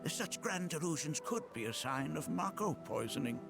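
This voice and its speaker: Bugenhagen, gravelly old sage. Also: male voice, a little high, lively intonation. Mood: wry. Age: older. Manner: measured, gently mocking. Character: wise old male scholar, dry and teasing. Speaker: game character. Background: game music.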